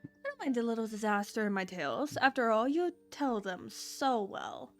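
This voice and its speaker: Brief: woman as a welcoming tavern innkeeper, smooth hospitable delivery, fairly high voice. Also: lively intonation, moderate pace, faint music behind, natural voice. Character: gracious female innkeeper serving magic drinks.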